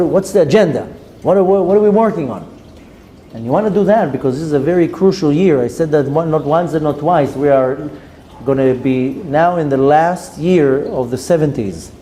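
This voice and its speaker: A man's voice: on the high side, dark tone, a little hiss or hum. A man, a rabbi giving an earnest sermon that urges his listeners on and mixes in Hebrew terms.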